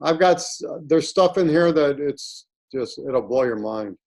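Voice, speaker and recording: A man's voice: fairly high pitch, lively intonation, measured pace, a little mellow, poor audio. A man in his forties, an interview guest telling long, rambling personal stories in a casual, earnest way over a video call. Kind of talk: casual conversation.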